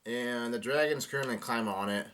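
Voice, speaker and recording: A man's voice: mid-range voice, fairly bright tone, smooth. Male host reading a comic aloud live, hesitant delivery full of fillers. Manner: reads aloud haltingly with many fillers and restarts. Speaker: manga reaction host.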